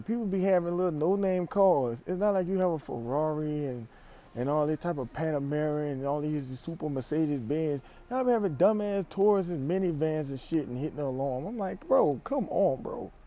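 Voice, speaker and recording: A young man from Louisiana with a Louisiana accent, giving an animated, emphatic slang-filled vlog monologue in a store aisle, recorded on a phone camera. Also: medium pitch. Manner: animated, emphatic, repeats phrases, speaks in slang. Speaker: vlogger.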